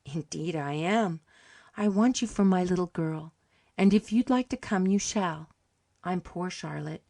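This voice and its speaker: A woman voicing a gentle, poor young woman who speaks softly and tenderly. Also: fairly low pitch, a little slow, creaky, no echo.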